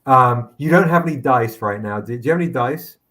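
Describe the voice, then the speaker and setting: A man's voice: mid-range voice, animated, a bit bright. A man narrating as game master in a tabletop game, rambling with frequent restarts. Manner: rambling, halting, many restarts.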